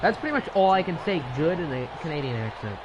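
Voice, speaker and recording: Guy streaming and calling a football video game, kinda high voice, rambly, noisy background. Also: sing-song, fast, muffled recording. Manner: rambling, chatty, drifts into asides. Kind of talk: casual live game commentary.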